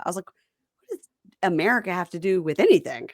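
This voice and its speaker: A woman hosting a casual chat, retelling reality TV scenes with quick mock voices and lots of "so, um". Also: lowish voice, very animated, no echo, studio quality. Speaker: podcast host.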